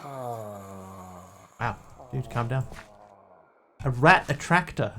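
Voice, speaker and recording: A man's voice: mid-range voice, unhurried, gravelly. A man streaming a game, rambling and talking to himself as he plays. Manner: rambling, talks to himself while playing. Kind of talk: casual gameplay commentary.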